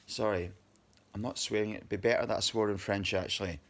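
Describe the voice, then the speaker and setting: Scottish man in his fifties, low and husky, worn out, rambling and agitated, video diary. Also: unhurried, pauses often, a bit bright. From Scotland. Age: 50s. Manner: agitated, rambling, heavy swearing. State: exhausted. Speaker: video diarist.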